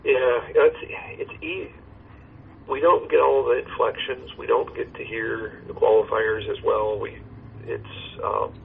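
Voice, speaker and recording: A man who is a pastor, talking earnestly and in a measured way over a call, heard through a phone line. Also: medium pitch, little pitch movement, creaky. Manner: earnest, measured, reciting a hymn slowly. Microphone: phone or video call. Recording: tinny phone line with faint noise.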